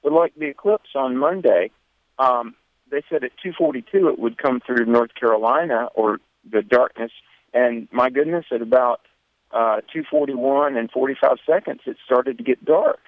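Southern pastor guest on a dry phone line, earnest and conversational. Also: male voice, medium pitch, moderate pace, no room sound. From American South. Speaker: radio guest, pastor and co-host. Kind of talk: phone-in radio interview.

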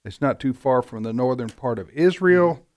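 A man hosting a talk radio show, chatting casually in a rambling way, with frequent pauses and restarts. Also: medium pitch, animated, darkish tone, dry recording.

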